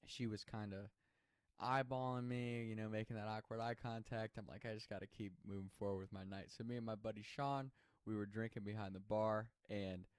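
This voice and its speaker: A man's voice: fairly low pitch, no echo. A man telling a personal story in a casual, chatty way, swearing freely and laughing as he goes.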